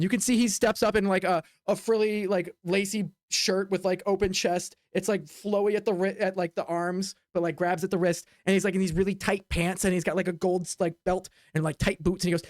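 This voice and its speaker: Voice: medium pitch, level tone, fairly quick, few pauses, no echo. Tabletop game master, loose rambling narrator, dry sound. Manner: rambling, filler-heavy narration.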